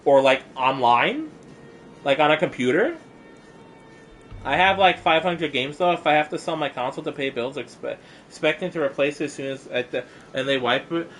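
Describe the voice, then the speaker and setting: Rambling young man streaming, bright voice. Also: on the high side, expressive, moderate pace, a little hiss or hum. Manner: rambling, exasperated, lots of fillers and restarts; mock-angry teasing of a chat viewer. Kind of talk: casual live-stream chat.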